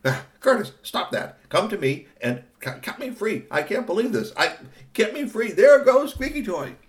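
A man doing a squeaky, frantic boy in a storybook. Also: very animated, normal speed. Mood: desperate. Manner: squeaky and pleading.

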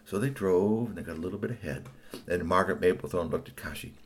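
A man telling an improvised children's story in an animated, playful way. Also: low voice, fast talker.

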